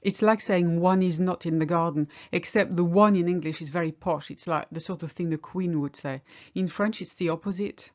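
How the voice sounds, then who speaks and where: A woman's voice: on the low side, fairly even intonation, normal speed, a little mellow, dull audio. A woman teaching a language lesson, patiently explaining each example step by step. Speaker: French teacher.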